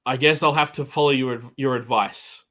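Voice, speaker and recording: A man's voice: medium pitch, fairly even intonation, brisk, fairly bright tone, close to an everyday voice. Kane, a man voicing a weary adventurer. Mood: reluctant.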